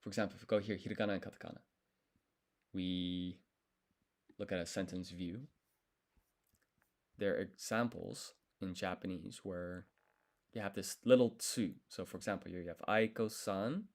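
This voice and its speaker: With a low pitch and mostly level intonation, a man muses aloud while studying a language on a live stream. He sounds out syllables one at a time, slowly, and catches and fixes his own slips.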